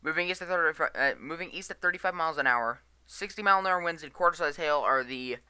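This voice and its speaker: A man's voice: a little high, quick pace, bright, forceful tone, smooth, no room sound. A tired man giving live weather radar commentary, reading storm warnings aloud and stumbling over place names. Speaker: storm chaser livestreamer.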